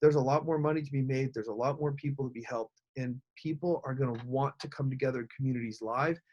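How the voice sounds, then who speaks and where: A man hosting a live online webinar as a speaking coach. He talks in an energetic, upbeat way and speaks straight to his viewers. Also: mid-range voice, fast talker, highs cut off.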